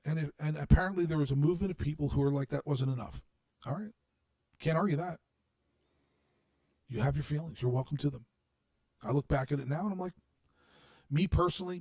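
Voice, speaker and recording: Man, 40s, slightly high voice, dry close sound; blunt, swearing monologue to his viewers. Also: brisk, long pauses, no echo. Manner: blunt and heavily profane, swinging from quiet reflection to shouted anger. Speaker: streamer addressing his audience. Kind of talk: unscripted monologue.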